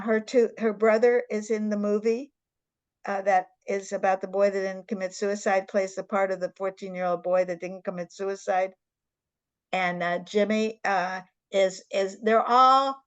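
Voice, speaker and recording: An older woman hosts an interview and tells her story with earnest emphasis. Her voice sits at a middling pitch. The sound is close and dry, as on a video call. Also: dry recording. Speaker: interview host.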